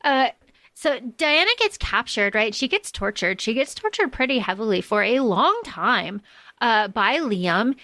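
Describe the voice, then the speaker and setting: A woman's voice: a little high, measured pace, dry recording. A woman co-hosting a podcast, casually recapping a book with lots of fillers like "like" and "uh". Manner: relaxed, filler-heavy, recaps plot. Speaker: podcast co-host.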